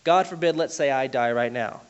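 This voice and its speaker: A man's voice: mid-range voice, normal speed, clean tone, lo-fi sound. A man preaching a sermon in a conversational teaching manner, explaining with asides and self-corrections.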